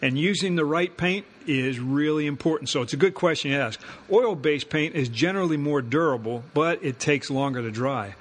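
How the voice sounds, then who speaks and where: Man, radio co-host, easygoing, chuckling, somewhat high voice. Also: moderate pace, hardly any pauses. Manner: easygoing, laughs often. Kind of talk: scripted comedy banter.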